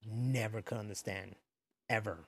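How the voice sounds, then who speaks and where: A man's voice: on the low side, normal speed, husky. Laughing, profane man in casual chat. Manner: laughs often, profane, animated storytelling.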